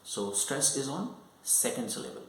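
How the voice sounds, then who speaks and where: A man teaching a lesson, repeating words and checking understanding again and again. His pitch moves a lot as he explains. The room sounds echoey, with a faint hum underneath. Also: very animated, moderate pace. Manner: repetitive, checks understanding often. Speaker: English teacher.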